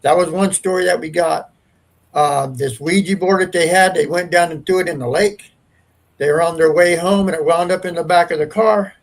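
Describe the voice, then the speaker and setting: Man, husky voice, fairly high, paranormal investigator, earnest rambling storytelling. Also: steady tone, moderate pace, low-quality recording. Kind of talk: casual storytelling.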